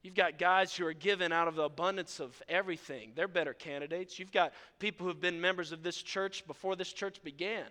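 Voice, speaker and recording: Male pastor, high clear voice with a bright edge, preaching from a church stage, lively and self-mocking, reverberant sanctuary sound. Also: brisk, hardly any pauses. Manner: animated storytelling preacher, self-deprecating. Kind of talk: sermon. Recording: long reverb of a large hall.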